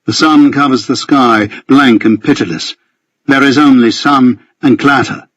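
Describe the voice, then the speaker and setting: A man's voice: mid-range voice, unhurried, a bit bright, dry recording. A man reading a first-person thriller as an audiobook narrator, in tense, vivid storytelling.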